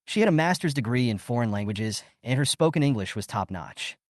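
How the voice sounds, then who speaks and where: A man reading a story recap as scripted narration, in a lively storytelling way. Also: mid-range voice, brisk, no room sound, clean studio sound.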